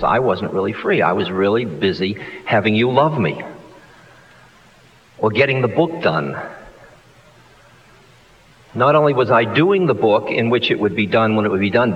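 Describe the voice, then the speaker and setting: A man speaks in a reflective, personal way during a spiritual talk and repeats phrases for emphasis. His voice has a long reverb tail from a large hall. The sound is muffled and lo-fi, like an old tape. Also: medium pitch. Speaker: spiritual teacher.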